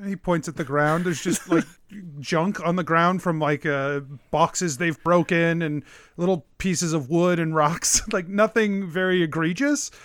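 A man running a tabletop game, talking slowly and loosely and laughing through his descriptions. His voice is close and dry, with no room sound. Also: on the high side, fairly even intonation, fairly bright tone, no echo. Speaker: game master.

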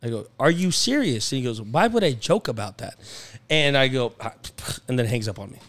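Animated young man telling work stories. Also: mid-range voice, fairly quick. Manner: animated storyteller, acts out phone calls, laughs often. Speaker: podcast guest. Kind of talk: casual storytelling chat. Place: podcast studio.

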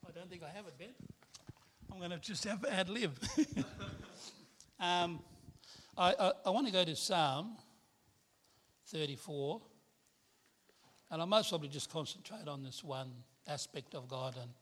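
Bright-voiced man preaching a testimony. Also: fairly high pitch, unhurried, long pauses. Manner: candid storytelling with self-deprecating laughs. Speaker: guest preacher. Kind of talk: personal testimony sermon.

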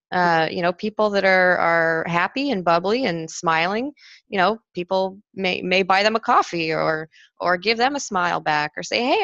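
A woman author speaking calmly and reflectively in a casual interview conversation. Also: fairly low pitch, vocal fry, no echo, highs cut off.

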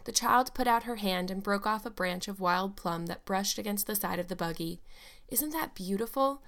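A woman narrates a classic novel as an audiobook, at a middling pitch. Her reading is measured and expressive, with steady storytelling phrasing.

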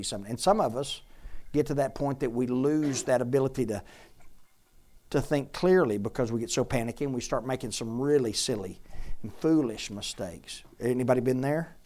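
A woman teaching a Bible class to a room of listeners, lively and joking as she quizzes them. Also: rumbling low, normal speed. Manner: lively, jokey, quizzes the audience.

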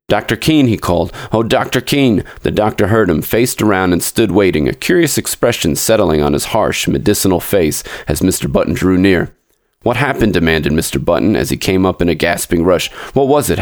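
A man reading a classic story aloud as a podcast storyteller, measured and wry. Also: low voice, a little mellow, dry recording, clean studio sound. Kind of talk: scripted narration of a classic story.

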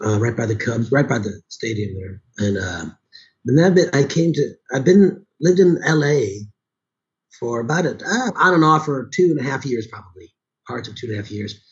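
On a muffled recording, a middle-aged man from Chicago, USA, who works as a voice actor and audiobook narrator, talks casually despite a sore throat. He has an animated, medium-pitched voice at normal speed and wanders through his points with frequent restarts and asides.

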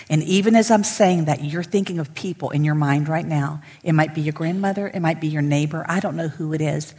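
Middle-aged woman pastor, husky and a bit low, preaching with emphatic swings into whispers; long church reverb. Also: a little fast, hardly any pauses, darkish tone. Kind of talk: sermon to women. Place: church sanctuary.

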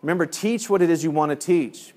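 A male discipline trainer giving a lively workshop talk, telling stories, acting out voices and laughing at his own jokes. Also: a little high, brisk. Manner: lively storyteller who acts out voices.

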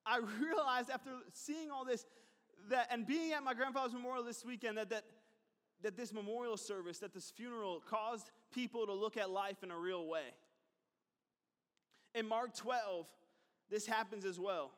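A pastor with a very high, slightly bright voice preaches a sermon, his words ringing out with long reverb in a church hall. He keeps things conversational, using asides, repeated phrases and quick questions to the crowd.

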